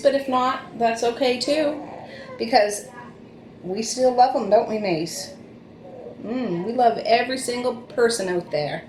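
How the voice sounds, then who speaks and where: A middle-aged woman talks casually to her viewers at home, her voice sitting a bit on the high side. She rambles and restarts phrases. The room is echoey, with a faint hiss behind her. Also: darkish tone. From Nova Scotia, Canada. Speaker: vlog host and mother. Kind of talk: casual chat to camera. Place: home, indoors, with small children around.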